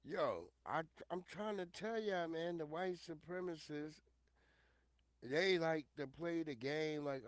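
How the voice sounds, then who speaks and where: A man giving loud, profane, animated commentary on a casual livestream. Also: on the high side, takes it slowly, dry recording. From Northern Virginia. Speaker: streamer commentator.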